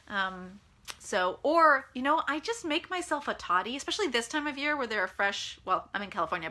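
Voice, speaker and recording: Bright and forceful in tone, at medium pitch, this American author chats through a live reader Q&A at home in California. She's frank and self-deprecating, her speech full of fillers.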